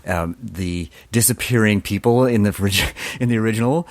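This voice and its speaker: A man's voice: on the low side, normal speed, no echo. A man co-hosting a podcast, chatting eagerly about films, often restarting his sentences. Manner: enthusiastic, stumbles and restarts. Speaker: podcast co-host. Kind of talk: casual movie-discussion chat.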